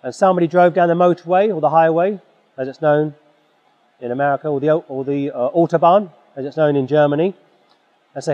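A man preaching a forceful, exhorting sermon, clearing his throat now and then. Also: on the high side, brisk. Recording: dull sound in a reverberant hall.

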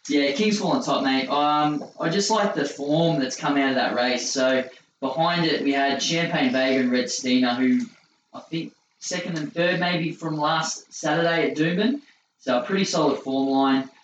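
Laid-back bloke tipping horses. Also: male voice, fairly high pitch, normal speed, a little hiss or hum. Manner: laconic, joking banter. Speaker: racing podcast co-host. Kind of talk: casual tipping chat. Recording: roomy, distant, dull sound.

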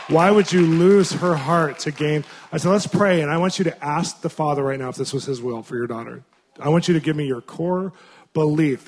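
A man with a fairly high, slightly rough voice preaches a conversational sermon to a conference crowd. He tells stories and acts out the voices of people he quotes, rising to loud bursts, with fillers throughout.

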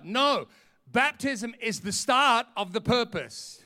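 A man's voice: sits high, moderate pace, sharp tone. A middle-aged Australian man preaching a sermon as pastor, emphatic and fervent.

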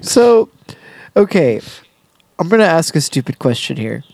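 A man's voice: on the high side, very animated, a little slow, vocal fry, a little mellow. A man co-hosting a podcast, rambling and hedging in casual chat. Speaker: podcast co-host.

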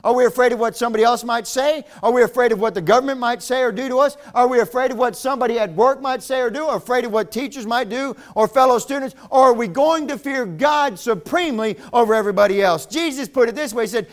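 A man's voice: extremely high pitch, quick pace, hardly any pauses. A middle-aged man preaching a revival sermon, moving between folksy storytelling and emphatic preaching.

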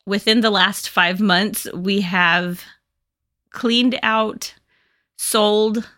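A woman's voice: medium pitch, steady tone, drawn-out words, bright, forceful tone. A woman hosting a casual podcast, chatty and playful, often laughing. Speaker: podcast host.

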